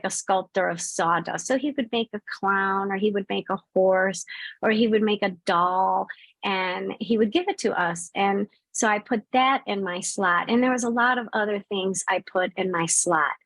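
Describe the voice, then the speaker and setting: A woman's voice: mid-range voice, no room sound. A middle-aged woman hosting a spiritual channel, speaking casually to viewers and telling a personal story with many fillers and restarts.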